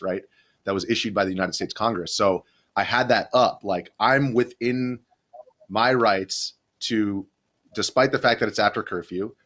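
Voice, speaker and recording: A man's voice: lowish voice, a bit bright. A young adult man, a video journalist, rambling through a story in a casual podcast interview, full of restarts and fillers.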